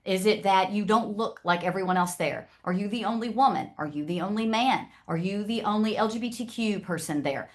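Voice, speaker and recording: A woman's voice: medium pitch, brisk, few pauses. Woman, Southern American accent, presenter, chatty, direct. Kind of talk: casual talk to an audience.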